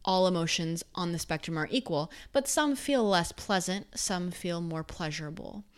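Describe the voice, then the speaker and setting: A woman speaking casually and earnestly about emotions and intuition, acting out quoted inner thoughts with quick asides. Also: on the low side, smooth. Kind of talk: casual spoken reflection.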